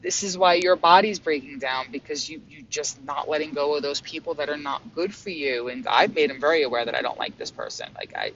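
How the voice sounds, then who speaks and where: Excitable man with a dull, hazy recording. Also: on the high side, brisk, hardly any pauses. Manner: excitable, swearing, stammering restarts. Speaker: spiritual vlogger. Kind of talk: casual monologue about spiritual experiences. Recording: dull lo-fi sound with faint hum.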